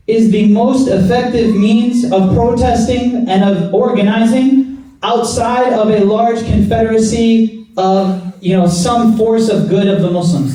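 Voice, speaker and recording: A man's voice: sits high, mellow. A man giving a Friday sermon in a mosque, earnest and exhorting, building his points through rhetorical repetition. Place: mosque prayer hall. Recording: echoey hall, mic at a distance.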